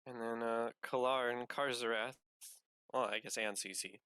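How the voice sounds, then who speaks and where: A man's voice: mid-range voice, steady tone, unhurried, bright, forceful tone, smooth, no echo. A man narrating as game master of a tabletop game, hesitant with many fillers.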